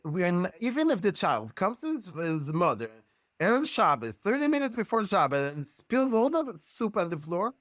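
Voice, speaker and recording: A Hebrew-native man explains his views as an educator in an earnest, storytelling way, his English halting and dotted with Hebrew terms. His voice sits a little high. The recording is dry and close. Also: very animated, fairly bright tone, dry recording. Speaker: guest rabbi and educator. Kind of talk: podcast discussion.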